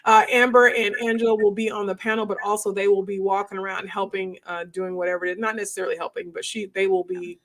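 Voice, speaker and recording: A woman hosting a casual chat among homeschool moms, lively and emotional, laughing often as she tells stories. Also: mid-range voice, fast, few pauses. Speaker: host of a homeschool moms gathering.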